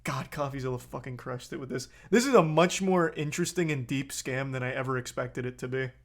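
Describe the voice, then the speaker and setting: A man's voice: medium pitch, brisk. A man streaming a casual reaction to a video, blunt and profane, who gets heated as he comments.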